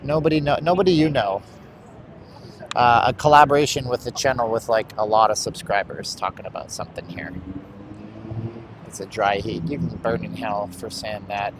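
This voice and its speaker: Walking outside on a hot city street, a man live-streams and rambles bluntly to his chat over street traffic noise. He speaks at a normal speed in a lowish voice with a steady tone.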